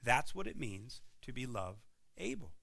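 A man preaching a sermon as pastor, building emphatic points and dropping to quiet moments. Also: medium pitch, big pitch swings, moderate pace, gravelly. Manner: emphatic preaching with rising and falling intensity.

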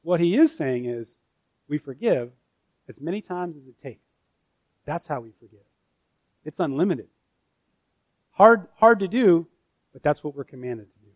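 A man's voice: on the high side, big pitch swings, a little slow, pauses often, dry recording. A man preaching a sermon as pastor, emphatic and full of rhetorical questions.

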